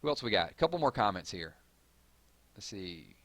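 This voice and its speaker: A man with a Southern drawl hosting a live stream, reading viewer comments and hyping up his audience in a rambling, excitable way. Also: lowish voice, normal speed, dry recording. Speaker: gaming channel host.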